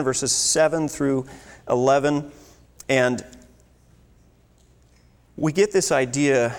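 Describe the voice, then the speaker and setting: A man preaching a sermon, earnest and teaching, with scripture read aloud. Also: on the high side. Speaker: pastor. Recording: long hall reverb.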